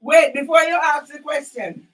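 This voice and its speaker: A woman with a very high voice argues with a neighbour on her doorstep. She keeps asking questions and says the same words over and over. Her voice sounds distant, as if she is standing back from the recorder. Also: normal speed. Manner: questioning, repeats herself, asks for things to be repeated. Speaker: channel owner.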